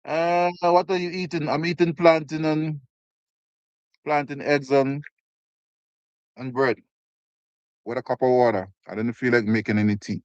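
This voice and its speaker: Heard in a muffled recording with no room sound, this Canadian livestream host has a medium-pitched, darkish voice, steady in tone, measured in pace, with long pauses. He eats while chatting casually, reading comments aloud and thanking viewers by name.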